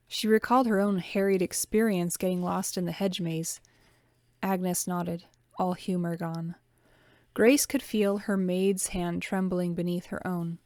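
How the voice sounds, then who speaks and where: A woman narrating a novel aloud as an amateur reader, calm and steady. Her voice sits at an ordinary middle pitch. The recording is dry and close. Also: a little slow, no room sound.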